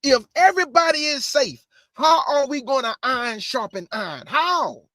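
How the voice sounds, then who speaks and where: Livestream preaching from an online Bible teacher: quick, conversational and emphatic, with repeated phrases. His voice is high for a man, with lively intonation and a sharp tone, and the close microphone yields a dry sound with no echo.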